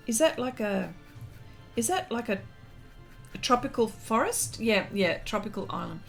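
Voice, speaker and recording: A woman's voice: a little high, very animated, moderate pace, a bit bright, soft background music. An Australian woman hosting a casual art livestream, chatting and reading viewer comments aloud with lots of fillers and laughter.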